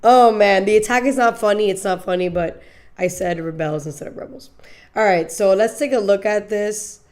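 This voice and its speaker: A young woman hosts a podcast of casual political commentary, chatting loosely about the news while joking, laughing often, and swearing casually. Her mid-range voice is a little mellow and moves at a moderate pace.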